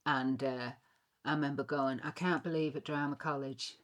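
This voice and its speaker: A woman's voice: a bass voice, steady tone, normal speed, a bit bright. A middle-aged woman hosting a podcast in casual chat, candid and chatty, swearing freely as she talks. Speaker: podcast host.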